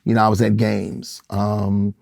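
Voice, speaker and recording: Middle-aged guy from michigan, gravelly low-ish voice, pastor telling stories, dry close mic. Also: measured pace, dry recording. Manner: animated storyteller, acts out quoted voices. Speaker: gospel singer and pastor. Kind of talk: casual interview storytelling.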